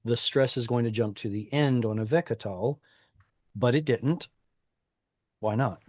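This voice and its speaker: A man's voice: medium pitch, a little slow, a little mellow, no room sound, studio quality. Man teaching a class over video call. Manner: patient, explanatory, with frequent fillers. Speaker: Hebrew teacher. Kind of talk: online class instruction.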